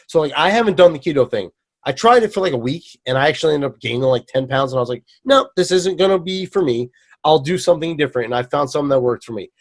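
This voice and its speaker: Male co-host, slightly high voice, profane and rambling. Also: animated, fast talker. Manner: rambling, profane, self-deprecating. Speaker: podcast co-host. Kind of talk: casual chat.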